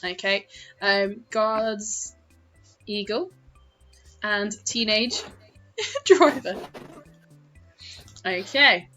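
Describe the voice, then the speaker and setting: A woman's voice: medium pitch, extremely slow, pauses often, bright, forceful tone, faint music behind. A woman narrating as dungeon master of a tabletop game, laughing often as she talks.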